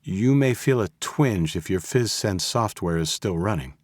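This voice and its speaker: A man voicing a nervous male technician who talks in a brisk, clinical way, raised somewhat above his own low voice. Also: animated, no room sound. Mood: businesslike. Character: nervous male robot technician, middle-aged.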